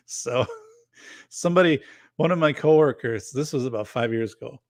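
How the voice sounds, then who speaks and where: A man's voice: medium pitch, a little slow, long pauses, no echo, studio quality. A man hosting a casual livestream, chatting loosely and reading viewer comments aloud. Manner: rambling, chatty, reads chat aloud. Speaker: show host.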